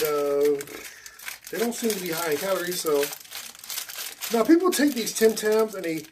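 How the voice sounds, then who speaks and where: A man's voice: sits high, slight background noise. A man hosting a casual snack tasting vlog indoors at a table, chatty and enthusiastic with loose restarts. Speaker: food vlogger.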